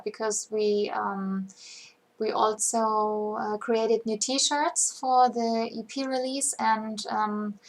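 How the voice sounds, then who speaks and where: Slow, halting German-accented woman. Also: a little high. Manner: halting, searches for words. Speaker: band member co-hosting a livestream. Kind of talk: casual livestream chat.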